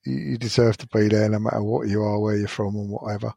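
Gravelly guy chatting on a podcast, measured, dry sound. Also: fairly low pitch, fairly even intonation, dark tone, no room sound. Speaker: podcast panelist. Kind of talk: casual chat.

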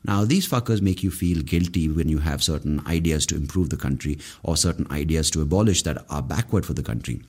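A man's voice: very deep voice, a little fast, few pauses, a little mellow, husky. A man, hosting a solo podcast and ranting in a profane, exasperated way. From India. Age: 30s. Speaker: podcast host.

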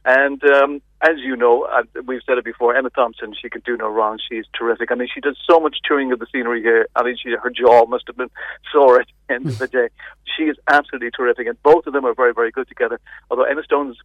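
Fast-talking man reviewing films by phone. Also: mid-range voice, dry recording. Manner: chatty, animated, many restarts. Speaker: film reviewer. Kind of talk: casual radio film review. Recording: tinny phone line.

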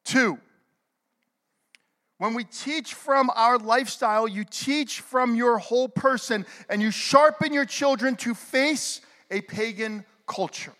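High-voiced pastor preaching in a reverberant hall. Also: male voice. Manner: swings from loud exhortation to hushed whisper; calls for amens from the congregation. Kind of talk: sermon.

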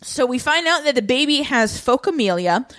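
Animated woman recapping with playful voices. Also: high voice, moderate pace. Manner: animated storytelling, acting out lines in playful voices; swears casually, laughs often. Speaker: podcast co-host recapping a TV episode. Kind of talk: casual chat.

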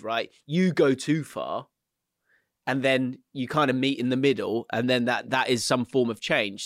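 A man's voice: medium pitch, fairly bright tone, no room sound, studio quality. A man co-hosting a football podcast, talking in a rambling, hedging way and teasing his co-host. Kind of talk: casual chat.

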